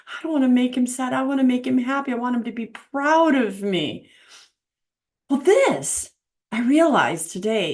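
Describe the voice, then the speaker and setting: A middle-aged woman with a mid-range voice gives a casual but earnest teaching talk on faith and marriage. She acts out the voices she quotes and hammers her points home through repetition.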